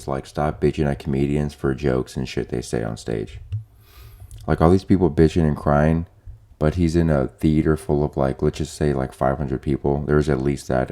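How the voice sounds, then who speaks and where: Very deep-voiced man ranting profanely. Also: steady tone, moderate pace, warm tone. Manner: profane, opinionated, rambling with many fillers. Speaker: podcast host. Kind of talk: casual solo podcast rant.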